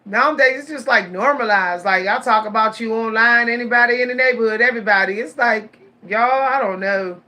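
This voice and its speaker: A vlogger in her forties tells stories directly to her viewers in a casual, animated style, repeating herself and laughing a lot. Her voice is fairly high-pitched and her pace is brisk.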